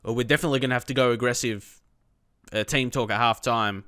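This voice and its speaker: A man's voice: medium pitch, expressive, brisk, smooth, no room sound, studio quality. Chatty young man commentating gameplay. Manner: chatty, bursts into frustrated shouting at players. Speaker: gaming YouTuber.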